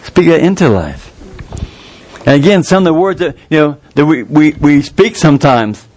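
A man preaching a sermon in a folksy, earnest way, jumping up in pitch to stress a point. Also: very animated, darkish tone. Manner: folksy, earnest, with quick rises in pitch for emphasis.

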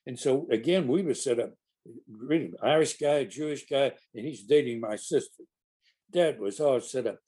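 A man's voice: mid-range voice, moderate pace, dark tone, husky. An older man, an actor, telling rambling anecdotes in conversation, with many restarts and acted-out quotes. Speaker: actor guest.

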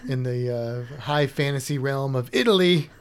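A woman's voice: a bass voice, moderate pace, clean tone. Woman, co-host, casual chat, playful, rambling, trails off. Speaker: podcast co-host.

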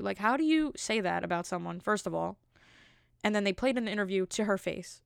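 A woman's voice: medium pitch, lively intonation, brisk, gravelly, no room sound, clean studio sound. A woman in her thirties talking casually and indignantly, rambling with lots of filler words. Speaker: commentator. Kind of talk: casual opinion talk.

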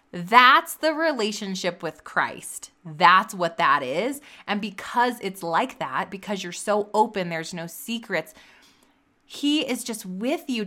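A woman's voice: medium pitch, bright, forceful tone. A woman hosting a faith-based talk, speaking earnestly and piling up repeated phrases for emphasis. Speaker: podcast host.

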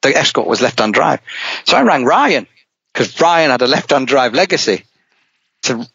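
A middle-aged man at a middle pitch spins a long, casual story from his racing days, lively and rambling, often restarting his sentences. The sound is dull and lo-fi in a dry, close space. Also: normal speed, creaky, pauses often, slightly rough, dry recording. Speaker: rally driver guest. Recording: dull, dry podcast audio.

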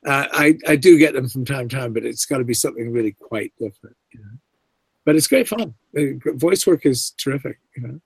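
A man, an actor being interviewed, telling stories in a lively way, acting out the lines he quotes, with lots of "you know" along the way. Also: medium pitch, fairly quick, creaky, breathy edge, no echo. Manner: animated, acts out quoted lines, many fillers. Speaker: voice and screen actor, guest. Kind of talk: casual interview storytelling.

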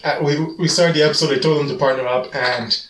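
A man co-hosting a podcast, giving quick, animated, rambling opinions in casual chat. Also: a little high, a little hiss or hum. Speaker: podcast co-host. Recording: roomy sound, mic at a distance.

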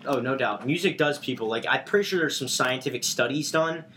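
A man's voice: medium pitch, fast, a crowd in the background. A man co-hosting a podcast in casual chat, easygoing and agreeable, talking loosely. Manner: easygoing, agreeable, lots of fillers like "like" and "you know". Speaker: podcast co-host.

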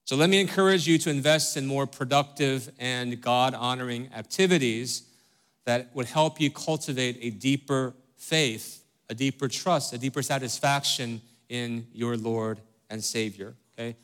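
Speaking at normal speed in a mid-range, slightly bright voice, a middle-aged pastor gives a direct, earnest sermon. He talks conversationally, with many fillers and frequent tag questions like "right?" and "okay?".

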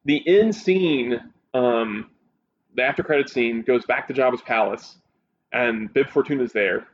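A man talks in relaxed casual chat and grows more excited as he retells the scenes he loved. His voice rises sharply when he gets carried away. The recording is a little dull, with a faint hiss underneath. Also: mid-range voice, unhurried. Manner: excited, animated recounting of a show.

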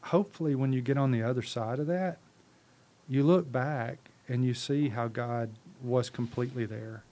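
A ministry leader appears as a podcast guest and preaches in an impassioned yet conversational way, using rhetorical questions and repeated words. His mid-range voice is mellow and moves at a moderate pace.

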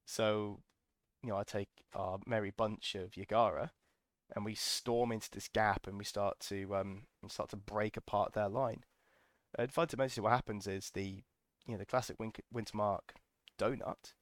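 A man's voice: fairly low pitch, fairly even intonation, normal speed, dry recording. A man hosting a podcast, telling a casual, enthusiastic story full of ums and restarts. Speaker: podcast host.

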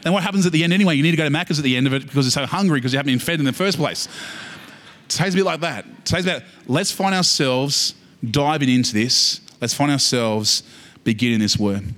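A man with an Australian accent preaching a sermon, animated and humorous, building to emphatic peaks. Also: on the high side, fast. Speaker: pastor. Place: church service.

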